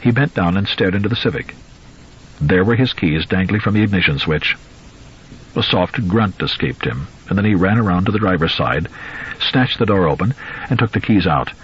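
A man narrating a novel in a measured, suspenseful storytelling voice. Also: deep voice, expressive, fairly bright tone, breathy edge, lo-fi sound. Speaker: audiobook narrator.

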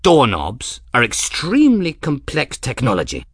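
A man voicing an eccentric, excitable old male scholar in an audiobook, in a high, thin, scattered voice. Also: moderate pace, husky, no echo, studio quality, exaggerated voice. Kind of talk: audiobook character voice.

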